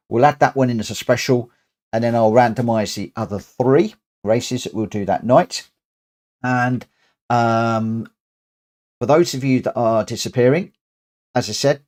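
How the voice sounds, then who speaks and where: Middle-aged male streamer, casual and rambling, mid-pitched and repeats himself. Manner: relaxed, rambling, repeats phrases, reads results aloud. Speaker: racing game streamer. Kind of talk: live-stream chat.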